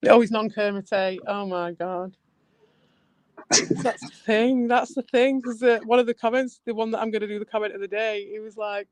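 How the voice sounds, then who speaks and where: A woman's voice: mid-range voice, steady tone, normal speed. A woman hosting a casual chat, candid and self-deprecating, who laughs often.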